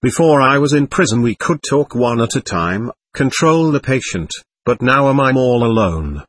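Defiant bewildered ghost, read by a man, husky, lively pitch, dry sound. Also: normal speed, dry recording, lightly acted. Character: indignant confused ghost of a dead adult, hostile. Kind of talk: reading a dialogue aloud.

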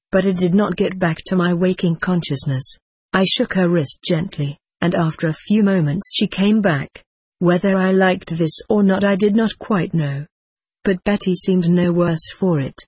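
A narrator reading a first-person memoir aloud in a steady, unhurried audiobook style. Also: medium pitch, breathy edge, no room sound.

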